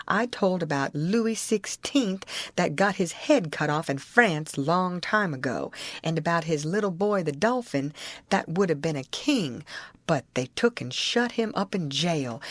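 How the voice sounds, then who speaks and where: A woman reads a classic novel aloud in a lively, animated way, her fairly low voice rising and falling through the first-person story. She uses a rural dialect throughout, and the recording is close and dry. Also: no echo. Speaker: audiobook narrator. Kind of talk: audiobook narration of a classic novel.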